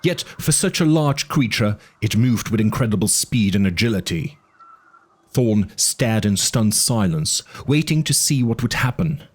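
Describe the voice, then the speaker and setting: A man narrating an audiobook with an expressive, dramatic reading. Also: lowish voice, measured pace, husky.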